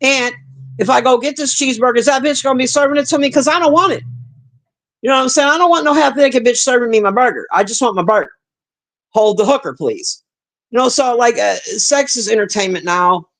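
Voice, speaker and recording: A woman's voice: on the high side, a little fast, a bit bright. A woman livestreaming to her chat, talking bluntly and profanely in a casual rant, with sighs and trailing-off asides.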